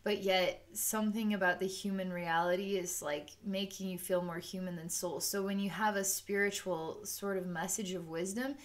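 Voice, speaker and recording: A woman giving a psychic energy-healing session off the cuff, rambling with many fillers and voicing the chakras in little quoted asides. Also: mid-range voice. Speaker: psychic reader.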